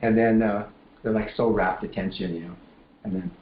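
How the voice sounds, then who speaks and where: A man's voice: lowish voice, very animated, moderate pace, vocal fry. A man telling devotional stories at a class in a loose, rambling way, full of fillers and restarts. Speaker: speaker at a temple class. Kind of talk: casual storytelling class. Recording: roomy echo, dull lo-fi, faint room noise.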